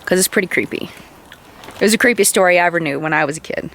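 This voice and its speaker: A woman chatting casually with her family at a campsite and telling a ghost story, in an animated way. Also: lowish voice, quick pace, a little hiss or hum, rough recording. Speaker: vlogger mom. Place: campsite outdoors.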